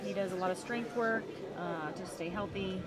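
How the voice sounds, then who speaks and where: A woman's voice: medium pitch, moderate pace, very noisy. A woman commentating on a race livestream outdoors, talking in a rambling way with many fillers. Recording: loud crowd behind.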